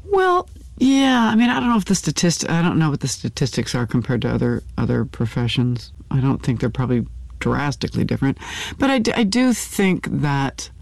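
An older actress speaking candidly in an interview, with halting restarts and fillers. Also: female voice, rumbling low, big pitch swings, creaky, a little mellow, no room sound. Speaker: actor, interview guest.

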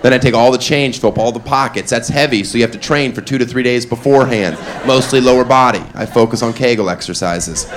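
Guy doing stand-up in a club, deadpan delivery, crowd laughing and noisy. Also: mid-range voice, fast talker, few pauses. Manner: deadpan, mock-earnest, playful asides. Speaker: stand-up comedian. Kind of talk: stand-up comedy set. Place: comedy club stage with audience. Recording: live club, audience laughter and noise.

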